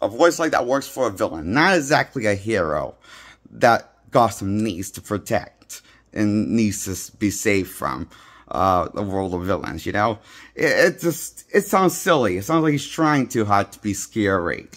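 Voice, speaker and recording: A man's voice: lowish voice, expressive, unhurried, a bit bright. Man, movie critic, casual vlog, rambling, blunt, phone recording. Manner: rambling, blunt, repeats himself. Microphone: handheld phone.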